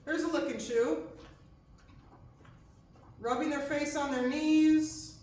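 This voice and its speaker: High, echoey woman teaching horse care. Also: fairly even intonation, slow pace, a little mellow. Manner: explains step by step, checks in with "okay?". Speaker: horse trainer. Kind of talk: hands-on instruction. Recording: echoey, distant mic with faint background noise.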